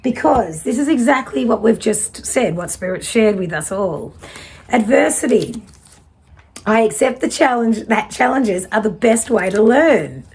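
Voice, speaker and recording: Woman in her 30s, tarot reader, direct and fiery, breathy tone. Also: fairly high pitch, expressive, measured pace, darkish tone. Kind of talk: casual spiritual tarot reading.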